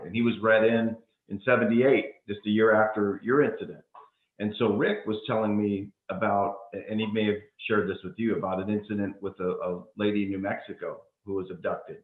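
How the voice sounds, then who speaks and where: A male interviewer speaks in a casual, conversational way, recounting a story to his guest. His fairly low voice comes through a tinny, phone-like line with some echo around it. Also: fairly even intonation, brisk.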